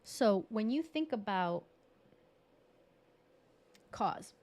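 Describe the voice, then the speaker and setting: A woman's voice: medium pitch, animated, extremely slow, a little mellow. A bilingual woman presenting a live online workshop over a video call, talking in a chatty, encouraging way and laughing at herself. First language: bilingual English and Spanish.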